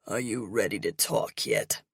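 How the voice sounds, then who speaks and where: A woman narrator voicing a menacing older male captor with a gravelly, commanding voice, barking threats. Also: fairly low pitch, a little slow, a bit bright, no echo, studio quality, pitched below the performer's own voice. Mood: demanding.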